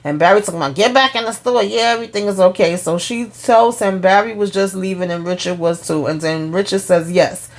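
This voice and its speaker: Woman w doing a casual tv recap, lowish voice, blunt, cusses, quotes the characters. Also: fairly quick, hardly any pauses. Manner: animated retelling of scenes with quoted lines, blunt and profane. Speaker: TV show recap host.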